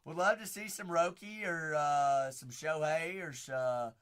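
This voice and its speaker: A man hosting a live card break, calling out players and teams as he opens packs, chatting with viewers by name and shouting on big pulls. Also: a little high, a little slow, smooth. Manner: chats with viewers by name between cards.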